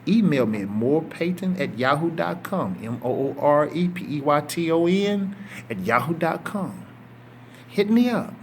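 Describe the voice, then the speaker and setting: Fired-up middle-aged minister, voice sits a bit high, leans hard on words. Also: male voice, lively intonation, a little hiss or hum. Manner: impassioned, emphatic preaching with drawn-out stresses. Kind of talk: sermon.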